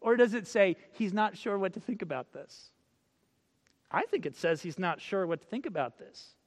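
Male preacher, high voice, storytelling sermon, slow scripture reading, long hall echo. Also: lively intonation. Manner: storytelling, acts out quotes, reads scripture slowly.

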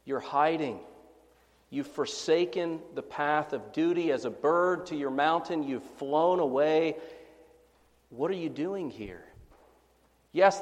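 A man preaching a sermon with fervor, repeating his questions for emphasis. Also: on the high side. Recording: long reverb of a hall.

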